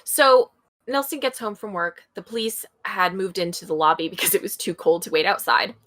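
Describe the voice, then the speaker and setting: A woman with a bright, crisp voice talks through a case in casual podcast storytelling. She reads passages aloud and breaks off for her own chatty asides. Her pitch sits at an ordinary level for a woman. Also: moderate pace, no echo, poor audio. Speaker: podcast co-host. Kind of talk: casual true-crime storytelling.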